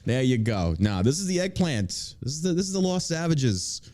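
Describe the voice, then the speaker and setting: Male podcast host, profane and boisterous, lively swooping pitch, dark mellow tone, faint music behind. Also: moderate pace. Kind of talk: crude casual podcast banter.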